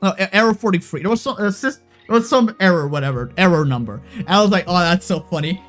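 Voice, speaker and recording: A young man streaming, ranting in a heated, profane, rambling way, full of fillers and restarts. His voice sits fairly high for a man. Faint music plays quietly behind him. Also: fast talker. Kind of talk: casual rant to stream chat.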